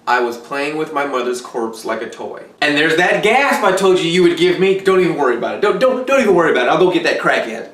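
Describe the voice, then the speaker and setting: A man's voice: medium pitch, a bit bright, far from the mic. A man from Texas giving a blunt, profane, darkly joking confessional monologue to the camera. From Texas, USA. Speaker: vlogger. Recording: roomy echo, away from mic.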